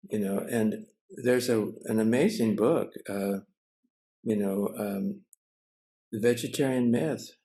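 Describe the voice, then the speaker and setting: An older man with a gravelly, mellow, low voice tells a story. He talks haltingly, with pauses and restarts, heard through a video call mic. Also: low-quality recording. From United States. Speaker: Zen teacher and cook. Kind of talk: casual storytelling.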